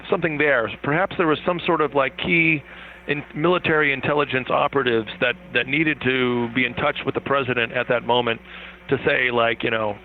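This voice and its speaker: A man being interviewed as a guest, talking in a rambling, animated way and laughing now and then. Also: mid-range voice, a little fast, slight background noise. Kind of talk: interview over the phone. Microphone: phone. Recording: tinny phone line.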